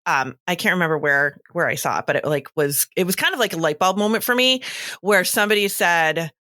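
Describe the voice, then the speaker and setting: A woman's voice: on the low side, animated, a little fast, pushed and bright, dry recording, studio quality. A woman co-hosting a podcast in a casual chat, talking frankly and swearing now and then. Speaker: podcast co-host.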